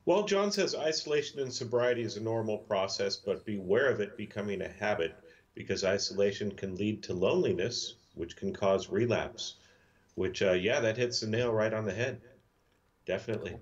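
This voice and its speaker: Low-voiced man on a distant dull mic. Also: animated. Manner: halting, agreeable. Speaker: podcast co-host. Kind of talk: casual live-stream talk.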